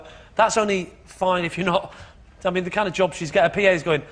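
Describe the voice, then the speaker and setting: Casting: rapid, high-voiced male panelist, spluttering, studio noise behind. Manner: excitable, spluttering. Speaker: team captain. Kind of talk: comedy panel banter.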